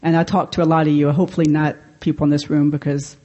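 Mellow-voiced woman giving a candid recovery talk. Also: low-pitched, level tone, quick pace, muffled recording. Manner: candid, self-deprecating, laughs often. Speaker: convention speaker. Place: convention meeting room.

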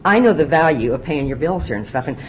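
A woman's voice: sits low, expressive, fast talker, lo-fi sound, slight background noise. A middle-aged woman speaking from a podium at a recovery meeting, telling her story candidly and often repeating words as she restarts. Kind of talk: personal testimony talk.

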